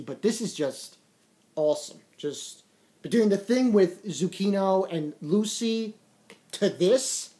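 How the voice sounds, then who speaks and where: Reviewing a comic chapter casually and excitably, a medium-pitched woman retells scenes in quoted voices and repeats her words.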